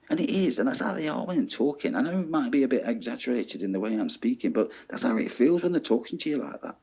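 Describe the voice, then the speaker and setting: A man ranting in an animated monologue, swearing and checking in with "yeah?". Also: mid-range voice, fast talker, vocal fry, hardly any pauses, slightly rough. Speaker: vlogger.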